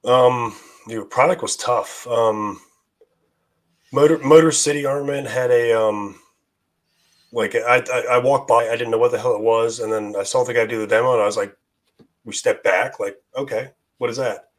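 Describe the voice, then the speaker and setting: A man, a guest in a casual chat, whose voice is going hoarse and who rambles with many fillers and restarts. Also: mid-range voice, fairly even intonation, moderate pace. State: losing his voice.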